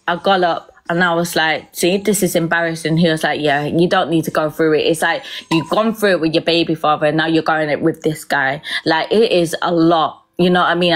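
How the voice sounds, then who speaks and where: A young woman telling a painful personal story, close to tears, rambling and often checking in with "yeah?". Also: lowish voice.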